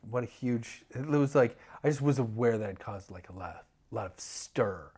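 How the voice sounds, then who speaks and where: A middle-aged man tells a story in a loose, rambling way, with plenty of fillers and false starts. His pitch sits in the middle for a man. He acts out what other people said as he goes. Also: normal speed, hardly any pauses, a little mellow. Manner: rambling, many fillers and restarts, acts out voices. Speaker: podcast guest, TV producer. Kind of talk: animated storytelling.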